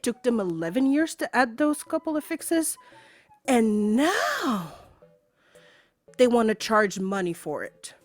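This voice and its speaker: A woman's voice: on the high side, very animated, takes it slowly, pauses often, no room sound, faint music behind. A woman streaming from home, ranting angrily to her chat with swearing and sarcasm, repeating her points for emphasis. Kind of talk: angry rant to a live stream chat.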